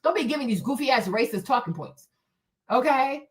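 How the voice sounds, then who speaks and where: Woman, high voice, heated profane rant, emphatic, repetitive, livestream host. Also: animated, fast. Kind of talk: unscripted commentary rant.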